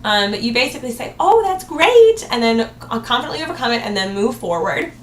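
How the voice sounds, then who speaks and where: A woman's voice: on the high side, fast, fairly bright tone. A woman giving a sales training talk, upbeat and acting out cheerful sample replies to customers. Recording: echoey room with faint noise.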